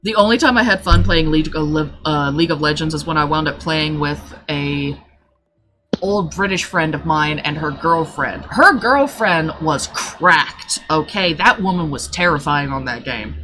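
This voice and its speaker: A woman livestreamer telling a story in casual chat, blunt and profane, with animated delivery. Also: deep voice, normal speed, slight background noise.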